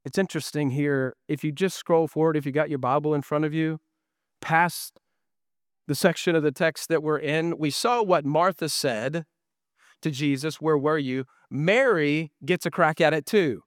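A man's voice: on the high side, normal speed, dry recording, studio quality. A middle-aged man preaching a sermon as pastor, earnest and full of rhetorical questions.

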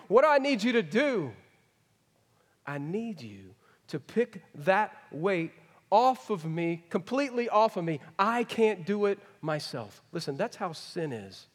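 A middle-aged man preaching a folksy sermon, swinging from emphatic to hushed. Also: high voice. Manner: folksy, rising to emphatic then dropping to hushed. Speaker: pastor. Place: large church hall. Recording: long hall reverb. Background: congregation.

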